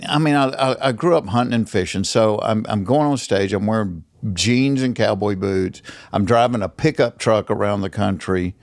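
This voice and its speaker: Gravelly older Southern storyteller man. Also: fairly low pitch, moderate pace, hardly any pauses, no room sound, studio quality. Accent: Southern US, Georgia. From Georgia, US. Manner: animated, acts out quoted people. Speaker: guest comedian. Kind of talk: storytelling in a podcast interview. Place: studio.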